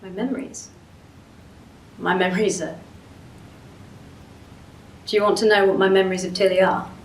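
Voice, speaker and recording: A woman performing a dramatic monologue as a regretful young woman recalling a girl she ignored, slow and halting. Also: mid-range voice, steady tone, natural voice. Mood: rueful. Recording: distant echoey room recording, some noise.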